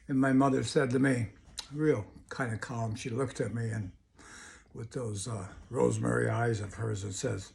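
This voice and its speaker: Gravelly older man giving a pep talk. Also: mid-range voice, moderate pace. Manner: folksy, storytelling, asks rhetorical questions. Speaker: hypnotist. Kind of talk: motivational video talk.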